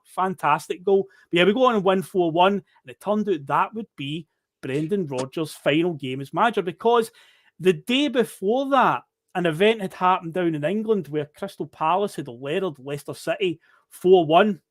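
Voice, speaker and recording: A Scottish man talks through old football results in a relaxed, chatty way, his voice sitting a little high for a man. The sound is close and dry, with no room around it. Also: moderate pace, dry recording. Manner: storytelling recap, conversational. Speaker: podcast host. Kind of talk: casual football chat.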